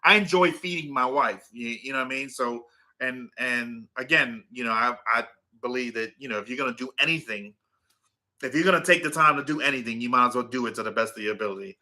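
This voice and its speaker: Bright-voiced man chatting casually. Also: medium pitch, fast talker. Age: middle-aged. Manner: rambling, self-correcting, laughs at himself. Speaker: vlogger. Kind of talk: casual chat to viewers.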